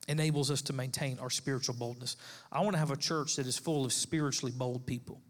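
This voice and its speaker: A man delivers a sermon, building his points through emphatic repetition. His voice sits slightly high for a man. The sound rings out with a long reverb from a large church hall. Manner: emphatic preaching with repeated phrases. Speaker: pastor.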